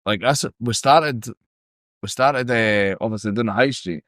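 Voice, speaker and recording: A Scottish man telling a story on a podcast, in a casual, animated and sweary way. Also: mid-range voice, a little slow, no room sound, clean studio sound. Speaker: podcast guest.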